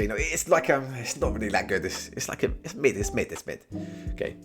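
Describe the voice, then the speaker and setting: A young British man ranking phrases in casual comedy commentary, full of slang and "bro", veering from low mumbles to sudden shouted verdicts. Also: fast talker, soft background music. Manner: slangy and animated, keeps saying "bro", swings from mumbling to shouting. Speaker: tier list host.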